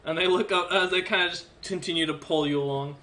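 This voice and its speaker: Bright-voiced male game master. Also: sits high, steady tone. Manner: casual, halting, many fillers. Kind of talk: narrating a tabletop game.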